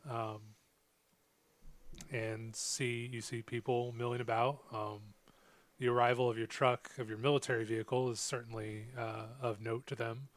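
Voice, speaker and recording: A man narrating a tabletop role-playing game as game master, halting with many ums and uhs. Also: mid-range voice, flat delivery, dry recording.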